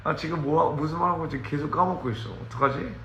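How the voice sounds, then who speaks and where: On a phone livestream from his house, a recording artist talks very fast in a fairly high, creaky, somewhat bright voice. The low-quality audio is reverberant with a little hiss or hum, and he chats casually, rambling, getting distracted, laughing often, and mixing in Korean and snippets of other languages.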